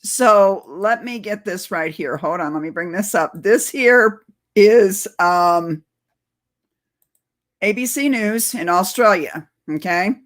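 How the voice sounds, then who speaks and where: A woman's voice: medium pitch, slow pace, fairly bright tone. A woman host talking casually to her viewers in a rambling, chatty way, often laughing. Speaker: channel host.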